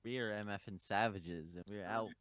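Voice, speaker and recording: Low-voiced man, dry close sound. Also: steady tone, normal speed, fairly bright tone, no echo. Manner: chatty, laughs between explanations. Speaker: player. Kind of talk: casual tabletop role-play.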